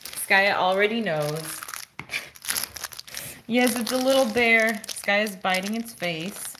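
Slow-talking woman chatting to her dog. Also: mid-range voice, background noise. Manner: playful baby-talk to her dog, laughing often. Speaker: dog channel host. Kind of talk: live stream chat with her dog.

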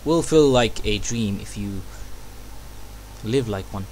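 A young gaming-channel host gives let's play commentary, chatting to himself as he plays and often yelping or exclaiming suddenly. His pitch is fairly low, his pace slow, and a slight hiss or hum runs underneath.

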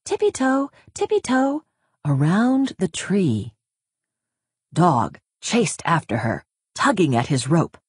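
A woman narrating a children's storybook aloud in an expressive, sing-song way. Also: on the low side, takes it slowly, breathy edge, no echo, studio quality.

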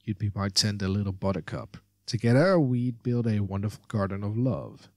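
A man's voice: fairly low pitch, expressive, moderate pace, dry recording, studio quality, voice pushed down, lightly acted. A man voicing a cheesy male bachelor contestant who delivers syrupy, flowery romantic lines. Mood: sappy.

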